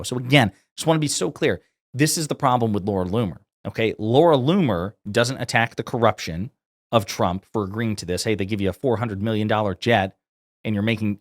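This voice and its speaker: A man's voice: lowish voice, no room sound, studio quality. A man giving sarcastic, indignant political commentary as he reads out quotes and reacts to them.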